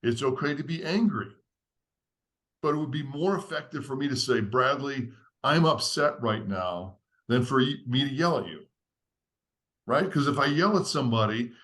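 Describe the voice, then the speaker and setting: A leadership author appearing as a podcast guest explains a step-by-step framework in conversation, earnest and teacherly in a structured way. His medium-pitched voice is animated and moves at normal speed.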